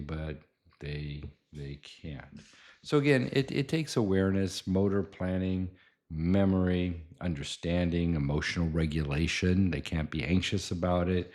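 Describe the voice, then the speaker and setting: A man's voice: low voice, a little mellow. A middle-aged man, a doctor hosting a talk show, explaining in a casual, anecdotal way and acting out quoted lines.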